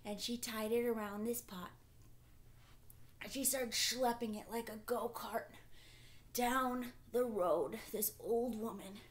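Slow, hushed woman storyteller. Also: a little high. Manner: slow, hushed, half-whispered narration. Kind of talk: storytelling performance.

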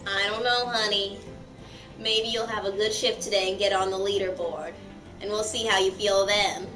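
A woman joins a game stream, joking and reading character lines. Her voice is roomy and set back from the mic. Game music plays clearly behind her. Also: medium pitch, steady tone, normal speed, recorded from a distance. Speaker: co-player, sister. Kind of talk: casual game playthrough.

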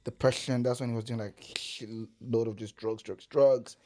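Canadian guy, podcast guest, mid-pitched voice, animated swearing storyteller who laughs a lot. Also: normal speed. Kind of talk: casual storytelling.

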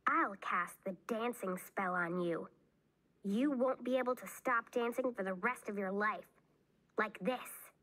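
A woman's voice: mid-range voice, unhurried, fairly bright tone. A woman reading aloud, voicing a serious young girl who plays at being a witch, earnest and a bit bossy. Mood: defiant.

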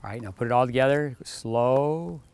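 A man's voice: medium pitch, normal speed, noisy background. A man giving a tennis lesson on court, instructing a player with short commands and counting out the serve rhythm. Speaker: tennis coach.

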